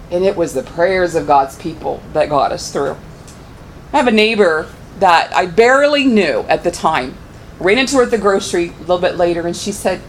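A woman's voice: lively intonation, brisk, a little hiss or hum, rough recording. Earnest woman telling a church testimony. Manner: earnest storytelling, pitch rising when moved. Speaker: church member giving testimony.

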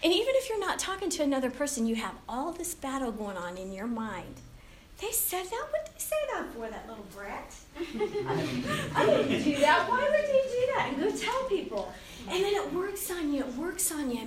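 A woman in her fifties giving a casual Christian talk to young people, chatty and animated, often laughing and acting out the voices in her head. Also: sits high, a little hiss or hum. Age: 50s. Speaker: youth speaker. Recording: roomy, distant hall mic with faint ambience.

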